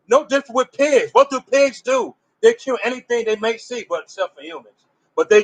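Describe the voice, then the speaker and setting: A man's voice: extremely high pitch, fairly bright tone, low-quality recording. A man giving an informal religious teaching in an emphatic, conversational way, pressing his listeners with rhetorical questions. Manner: loose conversational phrasing with restarts.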